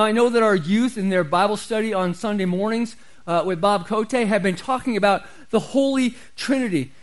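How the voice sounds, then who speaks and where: Guy preaching a sermon, fairly high voice, hammers his points and says them twice. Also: poor audio. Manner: emphatic, repeats key phrases for stress. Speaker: pastor.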